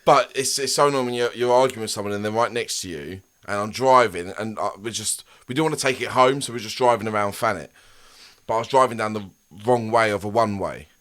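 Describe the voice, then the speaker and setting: Man, thirties, lowish voice, rambling, laughing storyteller, swears a lot. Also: quick pace, a bit bright. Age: 30s. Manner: rambling, laughs at his own stories, swears freely. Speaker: podcast co-host. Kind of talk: casual chat.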